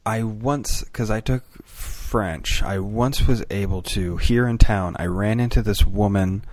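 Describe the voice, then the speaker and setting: A man with a low, deep voice co-hosts a casual podcast chat and tells wry stories he laughs along with. The sound is dry and close, with no room around him. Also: a little slow, darkish tone, dry recording. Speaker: podcast co-host.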